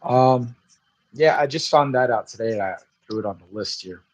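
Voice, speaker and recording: A man hosting a podcast in a relaxed, easygoing casual chat. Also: mid-range voice, normal speed, poor audio. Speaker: podcast host.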